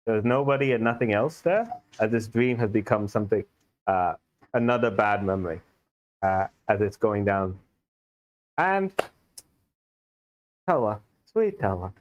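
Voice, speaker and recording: A man's voice: on the low side, animated, a little slow, pauses often, dull audio. A man with an Indian accent narrating as game master in a tabletop game, telling the scene loosely with many fillers. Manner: loose, filler-heavy storytelling.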